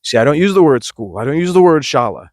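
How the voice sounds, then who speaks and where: A man's voice: a little high, sing-song, quick pace, dry recording, studio quality. A man, a yoga teacher, giving an emphatic, passionate podcast monologue with frequent restarts.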